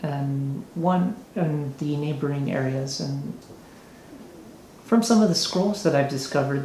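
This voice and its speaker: A man's voice: on the high side, vocal fry, darkish tone, a little hiss or hum. A man voicing a flamboyant, giddy male nobleman mayor in a tabletop game, speaking in an ingratiating way, recorded in an echoey room.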